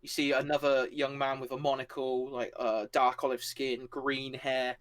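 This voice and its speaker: A man's voice: mid-range voice, level tone, normal speed, fairly bright tone. A man narrating a tabletop game as game master, rambling with many fillers and laughing along. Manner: rambling, filler-heavy, laughing, acts out characters.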